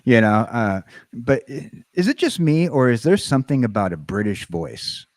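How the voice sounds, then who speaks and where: A man's voice: medium pitch, animated, moderate pace, dry recording. An American man hosting a casual livestream chat. He rambles and halts, with lots of fillers and restarts. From United States. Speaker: livestream host.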